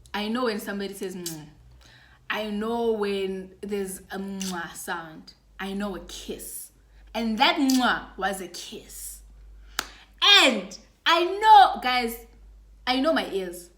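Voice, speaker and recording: A young woman with a South African accent telling a story in a casual, animated vlog. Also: medium pitch. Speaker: YouTuber. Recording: echoey room.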